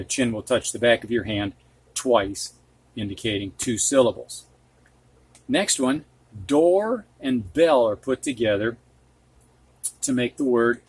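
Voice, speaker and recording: A man teaching a reading lesson, reading words slowly and repeating them, with patient explanations for teachers. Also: medium pitch, slightly rough, dry recording. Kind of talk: slow spoken reading lesson.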